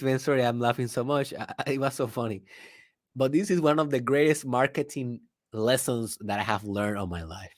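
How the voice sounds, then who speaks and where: A man's voice: mid-range voice, normal speed, dry recording, studio quality. A young man whose first language is Spanish, telling a story in a casual motivational monologue with loose grammar. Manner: animated storytelling with laughter and non-native grammar. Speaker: podcast host.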